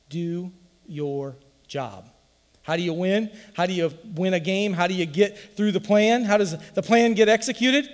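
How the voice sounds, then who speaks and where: A man's voice: a little high, in a large hall. A man preaching a sermon in an emphatic, folksy way, full of rhetorical questions. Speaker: pastor.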